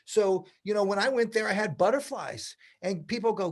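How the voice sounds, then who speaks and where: Guy in his 60s, hair educator, chatty and animated, voices the people in his stories, pitched kinda high. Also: moderate pace, few pauses. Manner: animated, acts out quoted dialogue. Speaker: hairdressing educator, guest. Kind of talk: casual interview storytelling.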